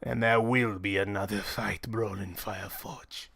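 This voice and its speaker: A man's voice: steady tone, unhurried, gravelly, a bit bright, slightly rough, no room sound, heavily acted. A man voicing a proud, honor-bound male gladiator who speaks in a grave, formal way. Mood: solemn. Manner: grave and formal, booming when angered.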